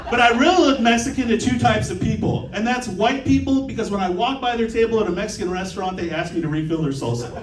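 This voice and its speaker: High-pitched guy doing a stand-up set at a club, ums a lot, kinda far off the mic. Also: echoey room, a little hiss or hum. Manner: conversational joke-telling with frequent ums. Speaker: stand-up comedian. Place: comedy club stage.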